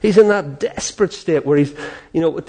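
Earnest animated male preacher. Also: a little high, moderate pace. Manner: earnest, animated, acts out prayers and quotes. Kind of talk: sermon.

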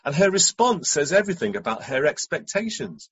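A man's voice: on the high side, big pitch swings, normal speed, few pauses, a bit bright, husky, highs cut off. A man preaching a sermon in a reflective way, often asking rhetorical questions.

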